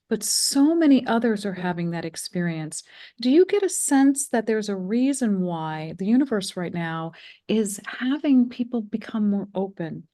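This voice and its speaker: A middle-aged woman from the United States hosting a spiritual interview, speaking gently with fillers and restarts. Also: medium pitch. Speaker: interview host.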